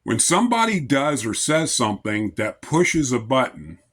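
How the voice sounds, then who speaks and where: Male lay preacher, average pitch, unhurried and even-tempered, speaks plainly and conversationally. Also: breathy edge. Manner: calm, measured, conversational. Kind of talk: informal devotional talk.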